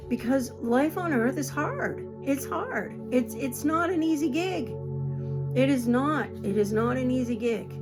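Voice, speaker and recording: A woman's voice: sits high, animated, unhurried. A woman in her sixties giving an earnest, reassuring spiritual talk, often repeating herself. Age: 60s. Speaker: spiritual teacher. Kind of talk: casual spoken talk. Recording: music playing behind her.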